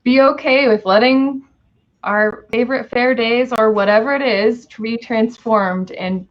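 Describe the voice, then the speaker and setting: Female guest, measured and reflective, muffled sound. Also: on the high side. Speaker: guest panelist. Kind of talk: casual discussion.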